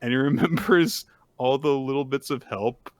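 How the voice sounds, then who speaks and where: A man's voice: medium pitch, moderate pace, dry recording. A man hosting a casual chat show, recapping a story in a laid-back way with lots of fillers and frequent laughs. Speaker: podcast host.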